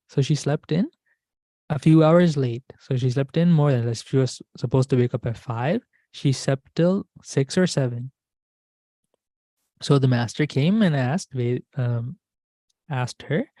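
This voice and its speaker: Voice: medium pitch, expressive, unhurried, mellow, no room sound. A Dhamma school teacher telling a teaching story as a lesson, repeating key words and asking the listeners questions. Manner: repetitive, asks the class questions.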